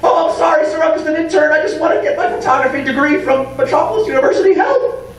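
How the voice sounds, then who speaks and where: A man's voice: extremely high pitch, quick pace, pitched above the performer's own voice. A man doing a whiny, timid young intern. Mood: pleading. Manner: whiny, apologetic. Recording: echoey hall, distant mic, hum.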